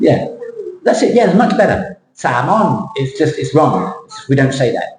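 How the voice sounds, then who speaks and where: A man teaching pronunciation in a classroom, repeating words slowly and syllable by syllable, now and then switching into Thai for his students. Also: mid-range voice, lively intonation. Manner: drills words slowly, mixes in Thai asides. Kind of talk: accent coaching lesson. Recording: roomy classroom with faint hum.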